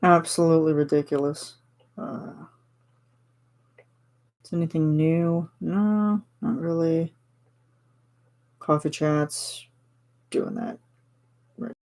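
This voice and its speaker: Canadian woman just chatting w her stream, giggly, kinda low voice. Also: big pitch swings, slow, gravelly, long pauses, a little mellow. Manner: chatty and giggly, reads chat replies aloud. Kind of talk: casual chat.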